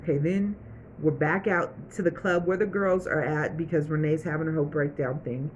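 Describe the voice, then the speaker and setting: A woman's voice: deep voice, a little hiss or hum, low-quality recording. A woman giving a casual, chatty recap of a TV episode, acting out the characters' lines as she goes. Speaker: TV show reviewer.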